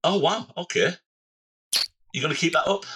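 A man's voice: fairly high pitch, normal speed, pushed and bright, slightly rough. A middle-aged man from Britain, a comedian guest talking in a blunt, sweary, jokey way. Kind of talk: casual chat.

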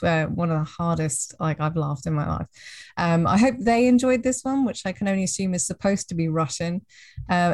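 A woman's voice: fairly low pitch, no echo, clean studio sound. A woman co-hosting a casual podcast chat in a playful way, laughing easily as she talks. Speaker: podcast co-host.

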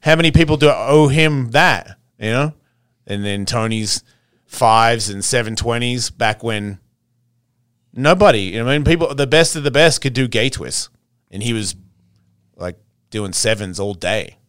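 Australian man, podcast guest, blunt and profane, smooth resonant voice, dry close sound. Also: mid-range voice, animated, a little slow, a bit bright, no room sound. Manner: blunt, swears freely, laughs often. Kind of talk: casual interview chat.

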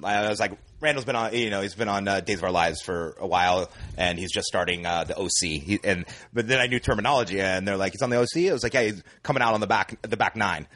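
Man, podcast guest, quick talker, rambling storyteller, casual chat. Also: on the low side, a bit bright. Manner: rambling storyteller, many fillers.

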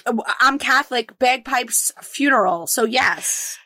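A woman co-hosting a podcast, telling animated stories in a casual, excitable way. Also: a little high, unhurried, dry recording. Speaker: podcast co-host. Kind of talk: casual chat.

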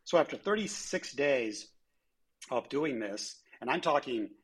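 A man's voice: mid-range voice, animated, unhurried, slightly rough. A man, a former airline chief executive, telling anecdotes in an interview and acting out the dialogue he quotes. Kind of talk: conversational storytelling interview.

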